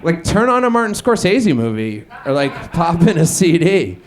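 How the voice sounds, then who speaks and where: Animated young man doing stand-up. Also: on the high side, moderate pace. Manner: deadpan observational delivery, crowd work. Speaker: stand-up comedian. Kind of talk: stand-up comedy set. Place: small bar stage. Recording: echoey bar room with ambience.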